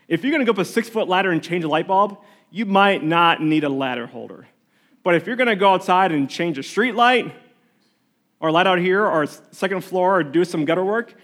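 Guy with a pretty high voice preaching in church, chatty storytelling, restarts a lot. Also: fairly bright tone. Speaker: pastor. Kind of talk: sermon with prayer. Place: church sanctuary.

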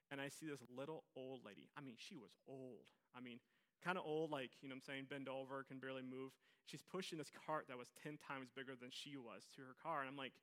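Bright-voiced, animated preacher. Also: male voice, medium pitch. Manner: conversational, animated, self-mocking humor. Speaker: pastor. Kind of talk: sermon storytelling.

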